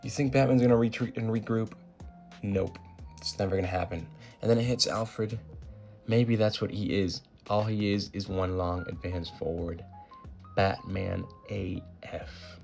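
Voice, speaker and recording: Low gravelly-voiced guy recapping comics. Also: steady tone, a little slow, darkish tone, soft background music. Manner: laid-back slangy summarizing with many ums. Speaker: comic book reviewer.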